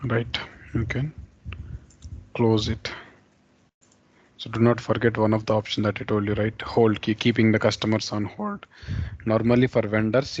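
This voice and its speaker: Low flat-voiced man teaching software. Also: lo-fi sound. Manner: explanatory, repeats terms, fillers and restarts. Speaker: software instructor. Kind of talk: screen-share software tutorial.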